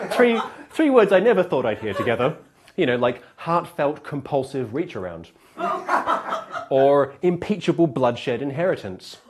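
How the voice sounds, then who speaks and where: A man's voice: a little high, darkish tone, a little hiss or hum. A man hosting a comedy club, delivering a stand-up monologue and laughing at his own jokes.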